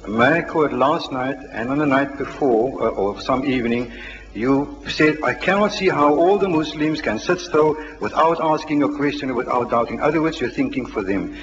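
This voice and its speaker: A man of middle pitch chairs the question time, firm and emphatic as he keeps speakers to the rules. His voice carries a long hall reverb on a muffled, lo-fi recording with faint hiss. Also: moderate pace. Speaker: lecture chairman. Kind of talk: moderating a question session.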